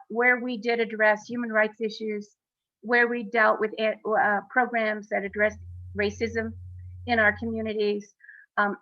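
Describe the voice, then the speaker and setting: A woman co-founder speaking on a panel over a video call, in an earnest, halting way with many fillers. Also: on the high side, dry recording, lo-fi sound. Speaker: exhibition co-founder.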